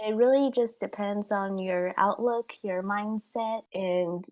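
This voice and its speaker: A woman co-hosting a casual podcast, giving calm, measured advice. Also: medium pitch, dry recording, low-quality recording. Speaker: podcast co-host.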